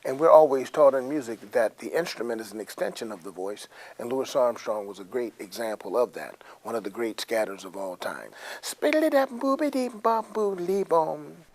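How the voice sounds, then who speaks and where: A man's voice: fairly low pitch, fairly quick, few pauses, a little mellow. A man teaching music to children, friendly and explaining simply, now and then showing ideas with sung syllables.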